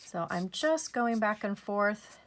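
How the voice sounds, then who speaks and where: On her crafting channel, a woman walks viewers step by step through a coloring tutorial, speaking softly and unhurriedly with gentle encouragement. Her voice is medium-pitched with lively intonation.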